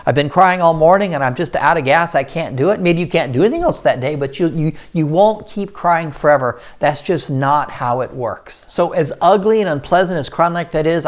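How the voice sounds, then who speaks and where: A middle-aged man from the United States, talking heartfelt and encouraging in a personal monologue and slowing down to stress his points. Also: on the high side. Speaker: host of a personal story series. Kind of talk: earnest talking-to-camera monologue.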